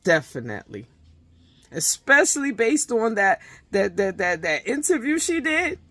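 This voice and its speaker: A woman's voice: on the high side, very animated, a little slow, fairly bright tone, no echo. A woman giving a casual, profane recap of a reality show episode, retelling scenes animatedly with many restarts. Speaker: reality TV reviewer.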